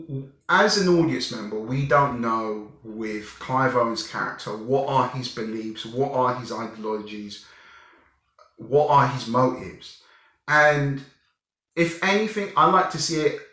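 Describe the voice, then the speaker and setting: A young man reviewing a film in a casual, animated way, often restarting his sentences and sounding exasperated. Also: mid-range voice. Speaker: movie reviewer. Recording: very echoey room.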